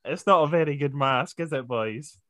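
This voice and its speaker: A man's voice: on the high side, normal speed, a bit bright, no echo, studio quality. A man hosting a podcast in casual chat, joking and laughing often. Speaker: podcast host.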